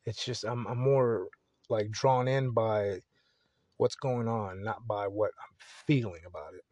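A man's voice: lowish voice, steady tone, measured pace, darkish tone, no room sound, highs cut off. A young man hosting a podcast alone, talking casually and candidly, rambling and swearing freely. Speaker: podcast host. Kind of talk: casual solo podcast monologue.

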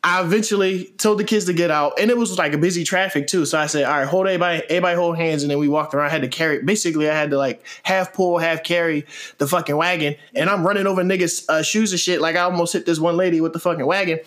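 A man's voice: on the high side, steady tone, quick pace, a bit bright. A man in his thirties telling a story animatedly in casual chat, cursing freely as he recounts it.

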